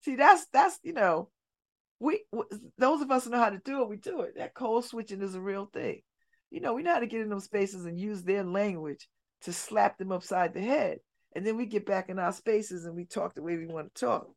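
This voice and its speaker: A middle-aged woman hosting a community radio show, telling stories in an animated way and dropping her voice low and soft for emphasis. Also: fairly quick, gravelly. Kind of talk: casual talk radio monologue. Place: radio studio.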